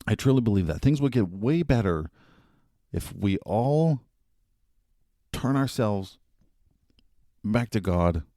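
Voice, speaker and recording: A man's voice: lowish voice, animated, slow pace, pauses often, warm tone, dry recording, studio quality. A male podcast host giving earnest, casual commentary with fillers and some laughs.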